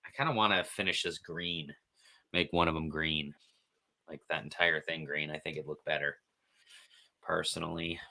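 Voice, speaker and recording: A man's voice: a bass voice, fairly even intonation, moderate pace, creaky, pauses often, bright, forceful tone. A man hosting an art show, chatting casually and rambling to himself as he colors, swearing now and then. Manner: rambling self-commentary with swearing. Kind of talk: casual chat while coloring.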